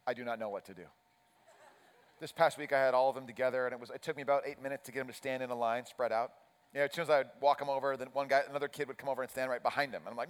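Preaching a sermon at a quick pace, a pastor with a voice on the high side tells a story at his own expense and imitates his chipper coach voice. The sound carries the long reverb of a large hall.

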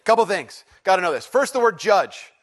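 High-voiced joking pastor leading congregation. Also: male voice, expressive, moderate pace, a bit bright. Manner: joking, conversational, gets congregation to respond. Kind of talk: sermon. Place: church sanctuary with congregation.

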